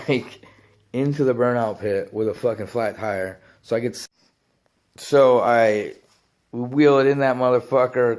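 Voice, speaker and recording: A man's voice: mid-range voice, a little mellow. A man telling a rambling biker story in casual talk, swearing often and laughing between lines.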